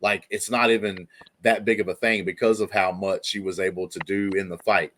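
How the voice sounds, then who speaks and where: Low-voiced man hosting a review chat. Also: little pitch movement, a little fast, fairly bright tone, a little hiss or hum. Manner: rambling, frequent "like" fillers. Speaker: podcast host.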